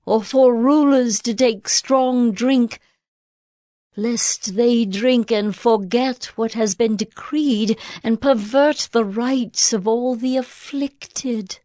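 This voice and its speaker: A woman reading scripture aloud in a measured, even delivery. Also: a little high, no room sound, studio quality. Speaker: scripture reader.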